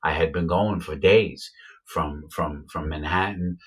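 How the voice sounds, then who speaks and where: A man's voice: unhurried, breathy edge. A man casually recounting his own past, rambling with lots of fillers and repeating himself. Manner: acts out quoted voices with sharp pitch jumps. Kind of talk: casual first-person storytelling.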